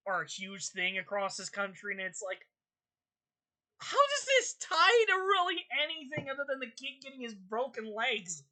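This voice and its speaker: A young woman hosts her channel in a loose, ranting commentary. Her bright, sharp voice carries constant exasperation and swearing, leaping high when she gets worked up. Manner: exasperated, swearing, rants with high-pitched outbursts. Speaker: channel host.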